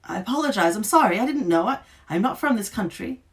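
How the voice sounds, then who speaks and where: A woman voicing a cowardly young nobleman who pleads in a high, loud, frightened voice. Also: moderate pace, lightly acted. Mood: terrified.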